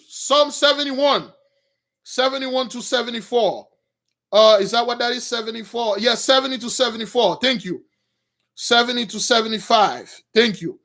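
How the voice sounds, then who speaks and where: A man's voice: extremely high pitch, moderate pace, pushed and bright. A man giving an informal sermon, retelling a story and calling his listeners brothers, with many fillers and restarts. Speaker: preacher.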